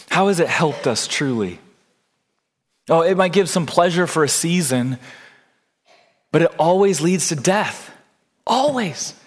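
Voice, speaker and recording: A man preaching a sermon in a slow, deliberate way, building to impassioned, near-shouted passages. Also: on the high side, big-room sound. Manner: slow, deliberate delivery with long pauses. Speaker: pastor.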